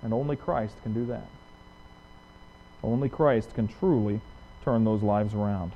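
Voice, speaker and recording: A male pastor preaching a sermon, asking rhetorical questions and swinging from loud emphasis to hushed lines. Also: lowish voice, a little slow, slight background noise. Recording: dull lo-fi recording.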